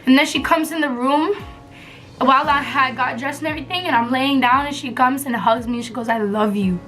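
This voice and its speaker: A young woman vlogger tells a story casually, full of slang and frequent laughter. Her voice is high and bright, and faint music plays underneath. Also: brisk. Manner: animated, laughs often, slangy and blunt.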